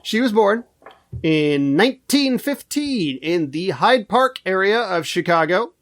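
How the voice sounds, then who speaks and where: A man's voice: high voice, sing-song, measured pace, fairly bright tone. A man co-hosting a podcast, joking dryly while he presents history research in a casual chat. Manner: wry, joking delivery while reading out research. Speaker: co-host presenting the history segment.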